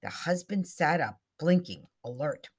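A woman narrating a suspenseful short story in a hushed, dramatic reading. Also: low voice, expressive, unhurried, slightly rough.

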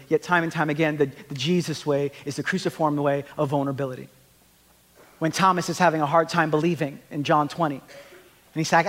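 A male pastor giving a conference sermon, telling animated, self-deprecating stories and acting out the scenes. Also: fairly high pitch, fast. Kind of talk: conference sermon with humorous storytelling. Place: large conference hall. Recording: long reverb of a large hall.

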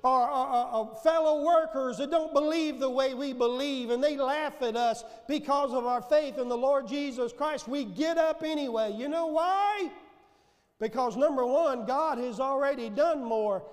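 Male preacher, very high voice, slow and fervent, shouts and call-and-response, big reverberant church. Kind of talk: sermon. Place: church sanctuary.

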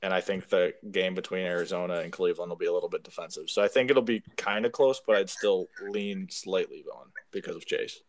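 A man with a very low voice in a casual podcast chat. He cuts in with quick takes and throws in sarcastic jokes. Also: steady tone. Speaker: fantasy league podcast co-host.

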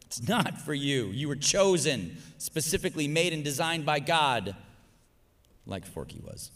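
A man, a pastor, preaching a sermon, pressing his listeners to answer and swinging from loud exhortation to hushed, soft lines. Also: medium pitch, very animated, normal speed. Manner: calls on the congregation to answer.

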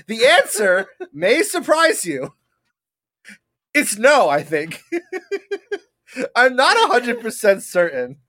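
A podcast co-host in casual chat who tells stories in an animated way and laughs often. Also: medium pitch, slow, long pauses.

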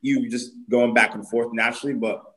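A man's voice: medium pitch, flat delivery, a little fast, fairly bright tone, rough recording. A man from Boston, a gym coach, chatting easily and talkatively as a podcast guest. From Boston, USA. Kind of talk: casual interview chat.

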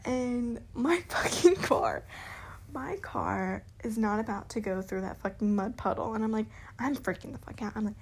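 A woman's voice: on the high side, moderate pace, vocal fry, noisy background. A young woman vlogger telling a story in casual chat, swearing freely and laughing through it. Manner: profane, laughing, bubbly.

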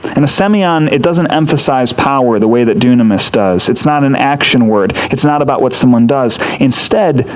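A man's voice: medium pitch, moderate pace, poor audio. A man preaching a sermon, explaining a scripture passage in an earnest, teaching way with rhetorical questions. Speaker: pastor.

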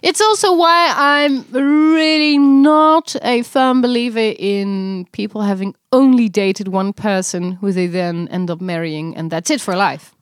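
A woman's voice: medium pitch, steady tone, a little slow, few pauses, clean tone, no echo, clean studio sound. A woman co-hosting a podcast, chatting casually and laughing often. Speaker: podcast co-host. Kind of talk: casual chat.

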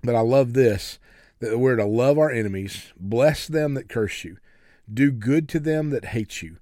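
A man's voice: medium pitch, measured pace, mellow, no room sound, clean studio sound. A man who hosts a podcast and preaches as a guest, reading a novel aloud and reflecting earnestly on it. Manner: earnest, reflective, with some restarts.

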